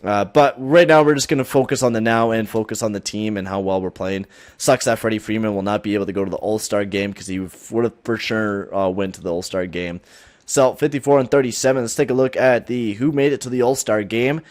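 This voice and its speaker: A man's voice: fairly low pitch, brisk. A young man giving rambling casual commentary over a sports video game, swearing often and breaking into hyped bursts. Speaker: gaming channel host.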